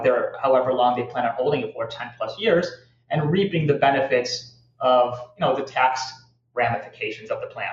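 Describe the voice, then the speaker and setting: Male podcast guest with a halting, filler-heavy delivery. Echoey, muffled audio. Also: mid-range voice. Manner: halting, many fillers and restarts. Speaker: real estate guest. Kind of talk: casual podcast interview. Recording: echoey, slightly dull audio.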